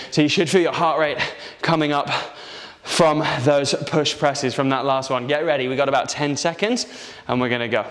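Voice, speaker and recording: Energetic male workout coach, echoing room. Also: a little high, normal speed. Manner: energetic, encouraging, counts reps aloud. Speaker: fitness instructor. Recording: roomy with long reverb.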